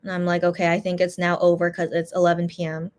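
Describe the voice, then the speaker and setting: A woman who runs a shop, casually telling a story in an animated, exasperated way, with many restarts. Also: lowish voice, fast talker.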